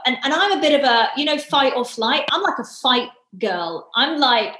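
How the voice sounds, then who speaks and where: Brief: female podcast co-host, fairly high voice, chatty storyteller, echoey room. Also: expressive, sharp tone. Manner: chatty storyteller, quick asides. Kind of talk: casual faith discussion.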